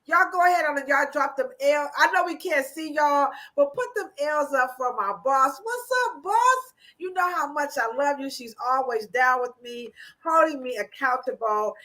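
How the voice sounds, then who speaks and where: A woman hosting a casual livestream chat, animated and playful, laughing often. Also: sits high, normal speed, hardly any pauses. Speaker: host.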